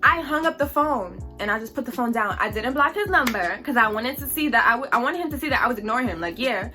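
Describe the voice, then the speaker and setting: A young woman telling a story on her vlog in a chatty, animated, slangy way. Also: fairly high pitch, quick pace, soft background music.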